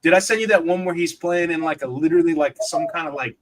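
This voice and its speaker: Laughing, animated casual man. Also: on the high side, fast talker, slight background noise. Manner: laughing often, peppers talk with 'dude' and 'like'. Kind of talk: casual chat.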